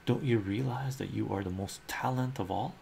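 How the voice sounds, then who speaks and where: A man's voice: on the low side, normal speed, gravelly, a little mellow, slight background noise. A man reading as an earnest lovestruck man. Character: earnest adult man declaring love to a colleague. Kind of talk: ASMR comic reading.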